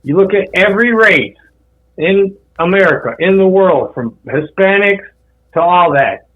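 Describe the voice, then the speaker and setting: A man co-hosting a podcast, pushing back in a measured, challenging way during a casual debate. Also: high-pitched, expressive, narrow, tinny audio.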